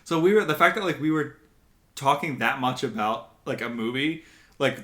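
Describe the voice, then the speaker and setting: Young dude podcast cohost, gushes and laughs a lot, voice bounces all over. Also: male voice, medium pitch, lively intonation, normal speed, a bit bright. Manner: gushing, laughs often, talks over others. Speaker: podcast co-host. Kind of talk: casual chat.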